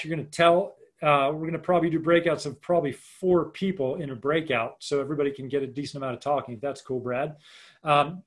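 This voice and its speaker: A man with a slightly high voice leads a live leadership workshop online by video call. His style is informal and chatty, and he performs brief example lines as he goes.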